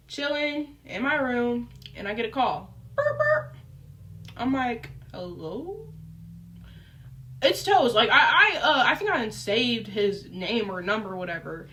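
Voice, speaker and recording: A young adult woman telling a personal story in a casual, chatty way, full of fillers and animated asides. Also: mid-range voice, distant mic, slight background noise. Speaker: storyteller vlogger.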